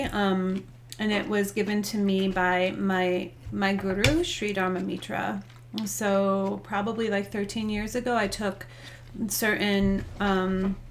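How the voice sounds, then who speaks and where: A woman in her forties, a yoga teacher, chatting casually over lunch in a relaxed, thoughtful way. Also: medium pitch, a little hiss or hum. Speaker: guest, yoga instructor. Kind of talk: casual chat while eating. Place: indoors, eating lunch.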